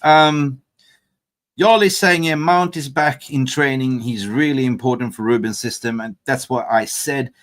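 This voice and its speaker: A man's voice: mid-range voice, a little slow, a bit bright. Joking man hosting a live fan stream. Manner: joking, loose, swearing, reads comments aloud. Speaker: fan channel livestream host. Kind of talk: casual live chat.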